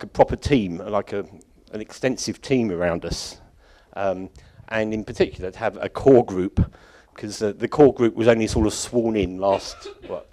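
This conference organiser has a mellow, lowish voice as he delivers a loose, meandering closing address to a church congregation. He keeps laughing softly and correcting himself along the way.

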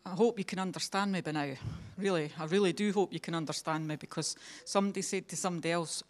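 A woman's voice: on the low side, fairly even intonation, quick pace. A woman with a Scottish accent giving a personal testimony at a church meeting, chatty and self-mocking with a humorous streak. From Scotland.

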